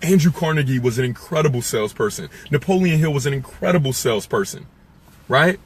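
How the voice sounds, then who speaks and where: A man giving an emphatic, preachy motivational talk on sales to his viewers, repeating lines and swinging from loud preaching to low, quiet asides. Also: lively intonation, brisk, husky. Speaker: sales coach.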